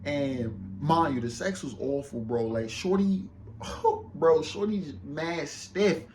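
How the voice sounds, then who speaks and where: A man's voice: on the high side, slow pace, a little hiss or hum. Slangy young man telling a story. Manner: slangy, loose and boastful, keeps checking in with the listener; grows loud and excited when retelling arguments. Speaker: vlogger. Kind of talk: casual storytime monologue.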